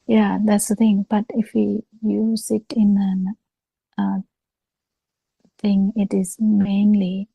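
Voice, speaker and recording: Woman, dharma talk, video call, very dark gravelly voice, slow and halting, dry sound. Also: medium pitch, completely flat delivery, no room sound, low-quality recording. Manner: slow, halting explanation with frequent pauses. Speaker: Buddhist teacher.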